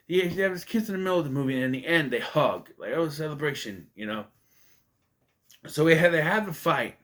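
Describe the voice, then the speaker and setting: A man's voice: a little high, a bit bright. A man casually reviewing a movie, rambling and conversational with many fillers and restarts. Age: adult.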